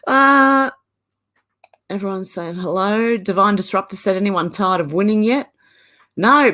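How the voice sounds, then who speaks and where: Hosting a laid-back livestream from home, an Australian woman with a smoker's cough chats beside a filing cabinet. Her mid-range voice is a little bright, and she laughs frequently while greeting viewers by name.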